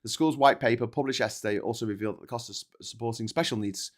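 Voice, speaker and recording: A man hosts a relaxed livestream. He reads out headlines and drifts into rambling, jokey asides, swearing now and then as he replies to viewers' comments. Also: medium pitch, quick pace. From Liverpool, England. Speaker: show host. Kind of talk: casual livestream chat reading newspapers.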